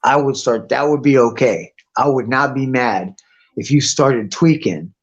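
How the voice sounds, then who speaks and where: A man's voice: mid-range voice, unhurried. A man chatting on a live stream, rambling and swearing constantly. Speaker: guest on a live stream chat. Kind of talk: casual rambling chat. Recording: muffled lo-fi stream audio with faint music.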